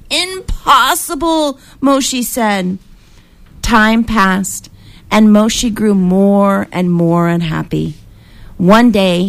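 A woman reading a picture book aloud as a guest reader, with expressive storytelling and voices for the characters. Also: medium pitch.

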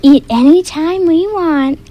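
A woman voicing a gang of hungry brutish trolls in a storybook, speaking in slow broken taunts. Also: very high-pitched, warm tone, voice pushed up. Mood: gruff taunting.

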